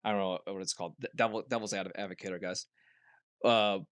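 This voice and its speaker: A young man co-hosting a casual podcast, telling a rambling story full of restarts and loud mimicked voices. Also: low voice, fairly even intonation, fast talker, clear, resonant tone, no echo, studio quality. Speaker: podcast co-host. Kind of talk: casual chat.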